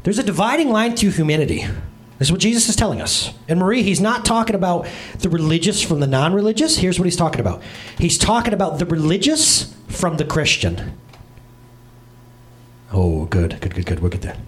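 This pastor's high voice moves through big pitch swings at a fairly quick pace. He keeps the sermon casual and full of jokes, addressing his congregation by name and the people following online.

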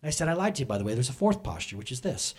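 A man in his thirties preaching a sermon with animated swings between loud exclamations and soft storytelling. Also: mid-range voice, rapid-fire, slightly rough. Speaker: pastor.

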